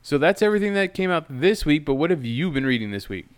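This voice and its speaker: A man's voice: a little high, sing-song, fast, clean tone. A man co-hosting a podcast in casual chat, musing aloud and hesitating often. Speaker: podcast co-host.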